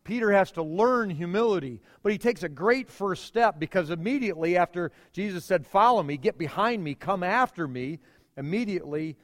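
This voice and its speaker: Man, pastor, sermon, emphatic, dramatic pauses, high voice, long church reverb. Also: animated. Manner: emphatic preaching with dramatic pauses and repeated phrases.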